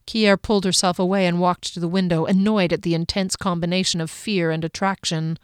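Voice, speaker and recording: A woman reading a fantasy novel aloud in a measured storytelling voice. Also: lowish voice, fairly even intonation, smooth, no room sound, studio quality. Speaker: audiobook narrator. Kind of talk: scripted fantasy narration.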